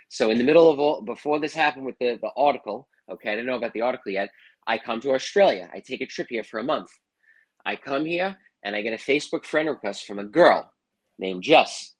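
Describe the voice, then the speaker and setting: A husky-voiced middle-aged man talking in a casual interview. He tells a long personal story, acting out what others said and tossing in "man" and "you know what I mean". His pitch sits in a middle range. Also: fairly quick, a bit bright, rough recording. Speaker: interview guest, firefighter and psychic.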